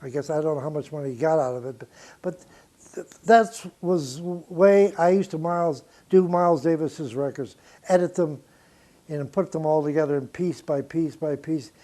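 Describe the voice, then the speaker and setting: A man's voice: on the high side, normal speed, warm tone. An older man, a record producer, recounting studio anecdotes in an interview, blunt and profane and laughing between stories.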